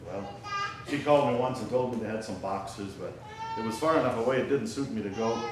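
A male preacher with a lowish voice speaks in a folksy, rambling way, pausing to ask his listeners simple questions. He sounds set back from the mic in a very echoey church hall, with steady room noise behind him. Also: distant mic. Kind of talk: prayer and folksy sermon storytelling. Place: church gathering, roomy hall.

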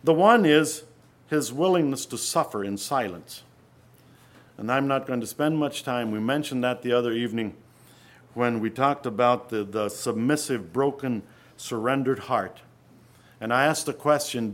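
A man preaching an earnest sermon, often dropping to a hush and then rising to loud emphasis. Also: mid-range voice, normal speed.

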